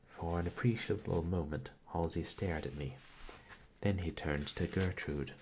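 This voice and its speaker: A man narrates a classic novel in a measured, even way. His voice is deep and husky, and he reads slowly. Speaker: audiobook reader. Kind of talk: reading a novel aloud.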